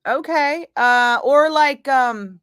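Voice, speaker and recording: A woman's voice: sits high, takes it slowly, a bit bright, no room sound. A woman radio host from Northern California chatting casually with her live chat, laughing often, swearing freely and rambling through asides. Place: radio studio.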